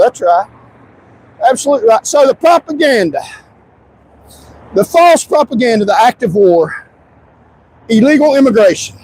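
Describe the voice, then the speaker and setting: High-pitched man with an insistent livestream rant. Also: expressive, measured pace, pauses often, a little hiss or hum, rough recording. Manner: insistent and repetitive, stretching key words, at times shouting. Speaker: livestream commentator. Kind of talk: emphatic livestream monologue.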